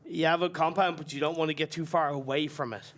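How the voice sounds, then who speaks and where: A fairly high-voiced man provides colour commentary for an esports match. He works through strategy in an analytical way, chatty and full of small fillers. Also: fairly even intonation, fast talker, fairly bright tone. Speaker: esports co-caster.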